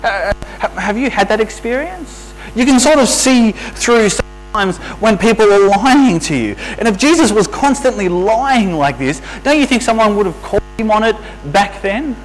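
Lively, high-voiced male preacher. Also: moderate pace, low-quality recording. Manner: conversational, asks the listeners rhetorical questions. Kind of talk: sermon. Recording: faint mains hum.

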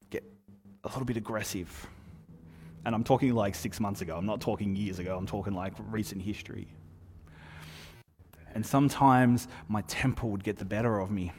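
A man preaching a sermon in a relaxed, conversational way, telling stories with lively asides. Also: on the low side, in a large hall. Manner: conversational, animated storytelling with asides. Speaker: pastor.

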